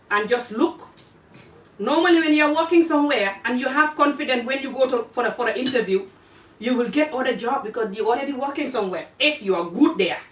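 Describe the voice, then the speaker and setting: An African woman vlogging casually while eating, chatting in an animated way and jumping from topic to topic. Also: a little high. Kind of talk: casual live-stream chat while eating. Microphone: phone camera pointed away from her. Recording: roomy phone audio from a distance.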